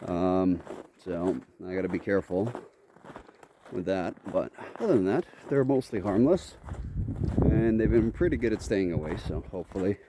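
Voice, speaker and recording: A man's voice: deep voice, lively intonation, normal speed, noisy background. A man vlogging outdoors on his homestead, chatting casually and coaxing and scolding his goats. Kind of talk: casual vlog narration. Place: outdoors on a farm.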